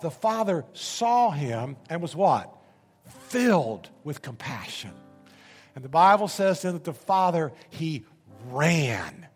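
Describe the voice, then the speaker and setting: Emphatic preacher in an echoing hall. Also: male voice, on the high side, takes it slowly, breathy edge, faint music behind. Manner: animated, emphatic, repeats words. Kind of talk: sermon storytelling.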